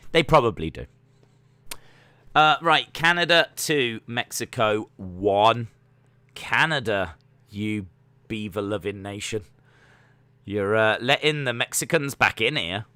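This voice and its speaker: A man with a bright, forward voice runs a casual live watch-along stream. He jokes and rambles through the sport, reading out chat and pausing on plenty of fillers. The sound is close and dry, with no room echo. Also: lowish voice. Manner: jokey, rambling, many fillers.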